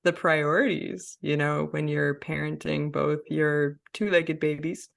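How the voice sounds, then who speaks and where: A woman's voice: low voice, level tone, unhurried, vocal fry. A woman hosting a conversational podcast, talking reflectively and laughing often. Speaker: podcast host.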